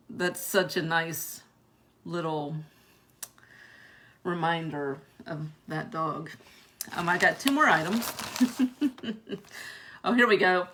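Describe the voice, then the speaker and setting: A woman's voice: lowish voice, fairly bright tone. A young woman chatting casually through an unboxing video, laughing often between her remarks. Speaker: vlogger reviewing a product.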